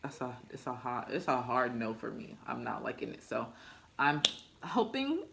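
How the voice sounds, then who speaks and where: A young woman, a new mother, chatting casually in a vlog with a deep, low voice, laughing often as she talks. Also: sing-song, normal speed, gravelly, fairly bright tone, a little hiss or hum. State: recovering after childbirth.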